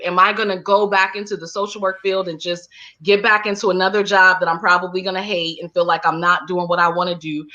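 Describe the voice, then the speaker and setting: Her voice sits at a medium pitch with a sharp tone as she, a holistic healer and counselor, shares her story as a guest in an interview. The delivery is casual and crowded with fillers such as "like" and "you know," captured on dull, lo-fi audio.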